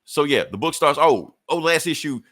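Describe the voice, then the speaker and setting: A man's voice: a little high, animated, moderate pace, fairly bright tone, no room sound, clean studio sound. A man hosting a comic review show, casually retelling a story with profanity and laughter. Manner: profane, laughing retelling with put-on character voices.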